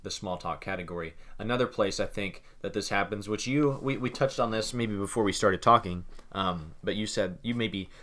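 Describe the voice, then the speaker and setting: A young man co-hosting a casual talk show, rambling and repeating words as he thinks out loud. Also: on the low side, moderate pace, hardly any pauses. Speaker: podcast co-host. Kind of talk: casual chat.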